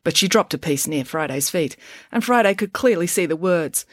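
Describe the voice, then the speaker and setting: A woman reading a children's chapter book aloud in an expressive storytelling voice, close to the microphone. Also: on the low side, normal speed, no room sound. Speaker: audiobook reader.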